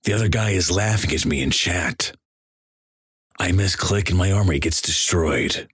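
Deep deadpan man reading online stories. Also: moderate pace, slightly rough, no room sound, studio quality. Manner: deadpan, crude. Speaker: narrator. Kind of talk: reading internet stories aloud.

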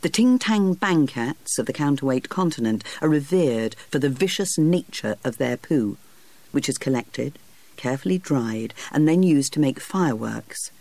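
A narrator reading a storybook aloud in a lively, expressive way. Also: medium pitch, moderate pace, dry recording.

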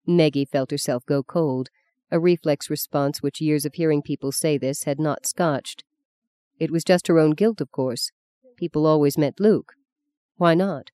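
Low, dark-voiced woman narrator. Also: measured pace, dry recording. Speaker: audiobook narrator. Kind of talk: scripted narration.

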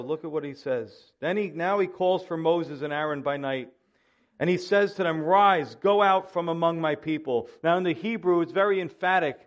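High-voiced emphatic preacher, lo-fi sound. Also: male voice. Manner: emphatic preaching with rising and falling intensity. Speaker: pastor. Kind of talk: sermon.

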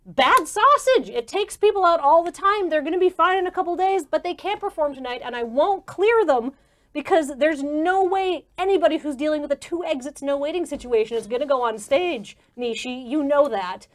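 Brief: woman playing a blunt, no-nonsense elf woman doctor in a tabletop game, high and firm. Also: lively intonation, moderate pace, a bit bright. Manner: blunt, matter-of-fact.

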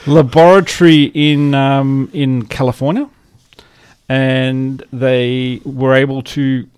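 A man hosting a casual science podcast, chatty and quick to laugh. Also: medium pitch, level tone, darkish tone, clear, resonant tone, no room sound. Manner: chatty, frequent fillers and restarts, laughs easily. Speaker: podcast host. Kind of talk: casual chat.

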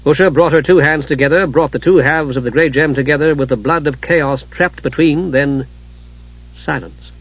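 A man reading a fantasy novel aloud in measured, dramatic audiobook narration. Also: on the high side, husky. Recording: dull lo-fi recording.

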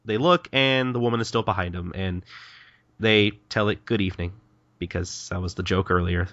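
A man's voice: fairly low pitch, fairly quick, dry recording. A man co-hosting a podcast, animatedly recapping a manga in casual chat and acting out lines. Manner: animated retelling with acted-out lines. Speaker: podcast co-host. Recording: dull dry lo-fi mic.

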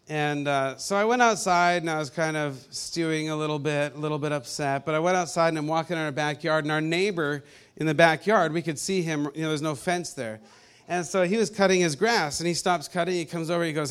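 A man casually telling a personal faith story, animated and often laughing as he acts out what people said. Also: on the high side, brisk, smooth.

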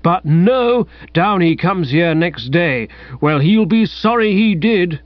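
Man doing an old magistrate, fussy, pompous, blustering, high querulous voice, dull sound. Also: expressive, slow, no echo. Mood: indignant bluster.

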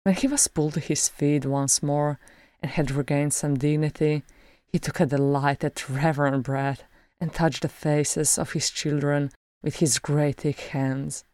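A woman reading a fan fiction chapter aloud as an audiobook, slow and even. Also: low voice, dry recording, clean studio sound. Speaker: audiobook reader.

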